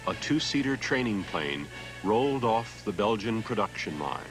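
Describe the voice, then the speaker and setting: A man's voice: fairly low pitch, big pitch swings, moderate pace, over music, low-quality recording. Male documentary narrator. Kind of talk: scripted narration.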